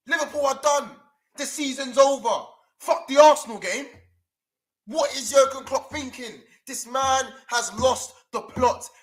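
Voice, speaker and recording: A young man with a London accent rants to camera about his team, swearing and piling on street slang. His voice sits high and comes across bright and sharp, restless with anger. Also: poor audio. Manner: furious, swearing, slang-heavy rant. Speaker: fan channel presenter. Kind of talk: angry fan rant to camera. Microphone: camera mic.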